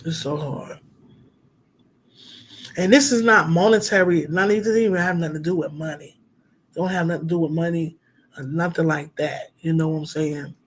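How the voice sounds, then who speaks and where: A man's voice: on the high side, moderate pace, pauses often, fairly bright tone. A middle-aged man, a minister, talking heartfelt and rambling on a casual livestream, with lots of fillers.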